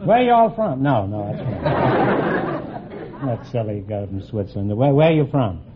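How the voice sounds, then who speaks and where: A man hosting a radio quiz show, teasing his contestants with quick quips and a habit of tacking "huh?" onto his jokes. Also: on the low side, sing-song, a crowd in the background, background noise. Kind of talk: wisecracking quiz show banter. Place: radio studio before a live audience. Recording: dull old broadcast with loud audience.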